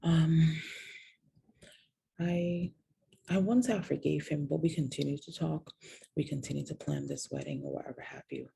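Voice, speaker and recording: A woman's voice: low-pitched, steady tone, normal speed, gravelly, long pauses, warm tone, slightly rough. A woman candidly confiding a personal story to viewers in a vlog, sometimes dropping to a whisper on painful details. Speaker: host telling her own story.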